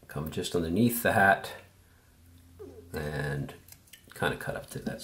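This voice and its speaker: A man giving an easygoing, step-by-step tutorial while he works, thinking aloud as he goes. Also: low-pitched. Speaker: woodcarving instructor.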